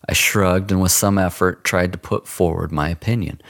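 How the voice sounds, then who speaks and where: A man narrating a first-person story in an expressive, dramatic audiobook style. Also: low-pitched, normal speed, creaky, hardly any pauses, dry recording, studio quality.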